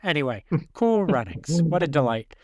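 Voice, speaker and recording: A man co-hosting a podcast in casual movie chat, animated and swearing freely as he talks. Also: fairly high pitch, normal speed, clean tone, no room sound, studio quality. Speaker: podcast co-host.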